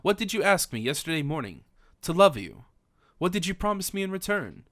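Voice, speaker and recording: A man's voice: on the high side, a bit bright, no echo, clean studio sound. A man voicing a passionate young king in an audiobook, vowing and commanding in formal old-fashioned speech. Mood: impassioned. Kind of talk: audiobook character reading.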